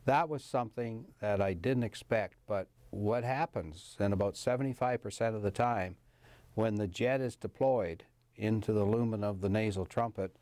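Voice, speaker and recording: An older man, a professor of anesthesiology, recalls his work in a casual interview, rambling and hesitating with many fillers. His voice is lowish and mellow, with no room sound.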